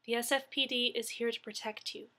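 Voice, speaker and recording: A woman's voice: on the high side, fairly even intonation, a little fast, sharp tone, voice pushed up. A woman voicing a friendly female emergency dispatcher who talks in a chatty, reassuring way in an audiobook reading.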